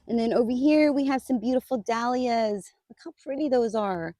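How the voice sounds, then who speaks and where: Garden vlogger, woman, casual and chatty, talks straight to viewers, mellow voice, dry sound. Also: fairly high pitch, normal speed, hardly any pauses, dry recording. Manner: chatty, addresses viewers as "you guys", laughs easily. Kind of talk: casual garden tour vlog. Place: outdoors in a garden.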